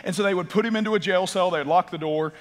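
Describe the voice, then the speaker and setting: A pastor delivers his sermon in a notably high voice that rings out through a long hall reverb. He swings from loud emphatic bursts down to low, quiet passages. He often repeats words as he builds toward a point. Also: quick pace. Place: church auditorium.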